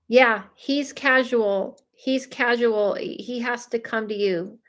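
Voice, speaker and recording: A woman's voice: a little high, slow, hardly any pauses, fairly bright tone. A woman, chatting through a live psychic reading with lots of fillers, speaking straight to the people she reads for. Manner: chatty, many fillers, talks straight to viewers. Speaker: psychic medium. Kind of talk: live reading, casual chat.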